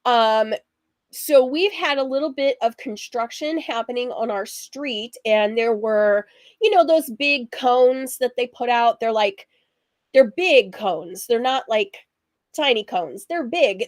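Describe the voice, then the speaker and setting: Sewing show host, woman, husky from allergies, rambling and unhurried, recorded dry and close. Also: a little high, animated, no echo. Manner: rambling, chatty, laughs often. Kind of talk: casual chatty livestream.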